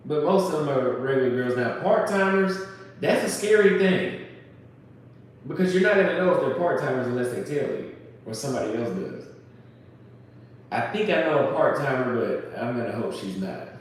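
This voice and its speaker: A man's voice: medium pitch, expressive, normal speed, slight background noise. A man talking casually and bluntly, rambling and crude, mocking others by quoting them in put-on voices. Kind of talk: casual chat. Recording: echoey room, voice from far off.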